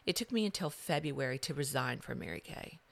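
A middle-aged woman with a notably low voice tells her story as a podcast guest. She swings between loud bursts and hushed passages. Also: expressive, brisk, gravelly, no room sound. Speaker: guest, author.

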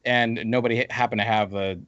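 A man's voice: mid-range voice, steady tone, fast talker, fairly bright tone, no echo. Man venting in a lo-fi recording. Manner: venting, rambling with restarts. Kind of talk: casual gaming chat. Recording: dull lo-fi dry mic.

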